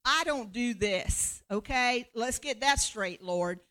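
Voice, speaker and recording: A man's voice: very high voice, big pitch swings, normal speed, pushed and bright, pitched above the performer's own voice, full character voice. A woman preaching acts out a stubborn, indignant devout man with huffy, emphatic refusals.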